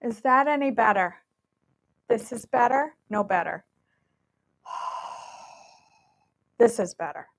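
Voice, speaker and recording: A woman's voice: on the high side, expressive, slow, gravelly, long pauses. A woman hosting a casual live cooking stream from her home kitchen, chatty and self-deprecating while she fiddles with her mic, over warbly, staticky audio.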